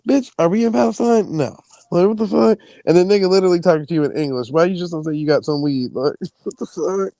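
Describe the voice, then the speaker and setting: Animated, profane man telling stories. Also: high-pitched, fairly quick, dry recording, poor audio. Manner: animated, profane, acts out quoted people. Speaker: stream host. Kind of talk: casual storytelling chat.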